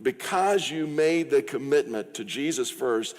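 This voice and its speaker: Preaching in a church sanctuary, a middle-aged pastor speaks conversationally and plays out brief quoted exchanges. His medium-pitched voice is animated yet measured in pace, with the hall's long reverb around it.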